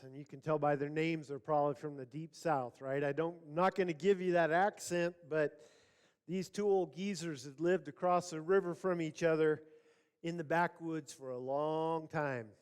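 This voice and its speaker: A man's voice: fairly high pitch, moderate pace, clear, resonant tone. A male pastor preaching a sermon, opening with a folksy joking story. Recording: church hall reverb.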